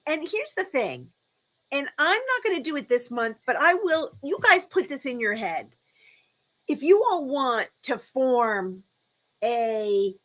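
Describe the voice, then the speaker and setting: A woman's voice: a little high, a bit bright. A woman hosting a casual live chat, talking in a chatty, encouraging way with lots of ums and restarts. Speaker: livestream host.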